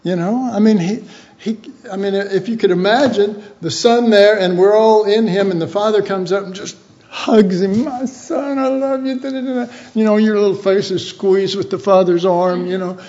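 A man's voice: sits high, steady tone, moderate pace, a little mellow. A man giving a conversational Bible teaching, chatty and informal, acting out little imagined dialogues. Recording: dull lo-fi recording.

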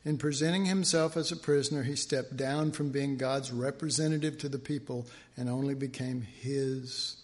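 A man preaching a sermon in a chatty, joking way, telling stories and doing quick voices of people in them. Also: medium pitch, fairly even intonation, a little mellow. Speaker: pastor.

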